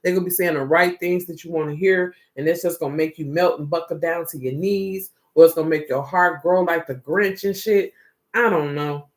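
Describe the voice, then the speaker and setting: A man's voice: a little high, a little fast. Profane rambling tarot reader, man. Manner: profane, rambling, slangy and animated. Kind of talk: casual tarot reading monologue.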